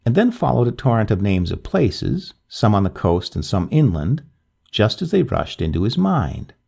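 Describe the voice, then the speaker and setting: A man narrating a ghost story in a measured, expressive reading. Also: fairly low pitch, creaky, slightly rough.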